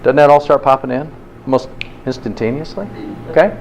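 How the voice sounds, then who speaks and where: A man's voice: medium pitch, a little fast, creaky, a little hiss or hum. A man teaching a health class in an informal, interactive way, often checking in with "okay?". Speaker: health instructor.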